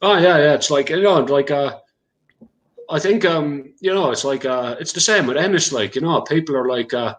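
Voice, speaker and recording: A man from Ireland with a rural Leinster accent hosts a casual livestream chat over a video call, rambling with many fillers and laughing easily. His voice is fairly high, expressive, a bit bright and moderately paced, and the recording is rough.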